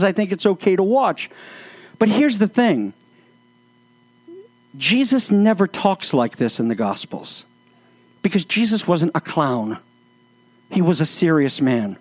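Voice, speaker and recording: Preacher guy, kinda high voice, earnest but sarcastic and fed up, dry close sound. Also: no echo. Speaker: pastor. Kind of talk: sermon-style commentary.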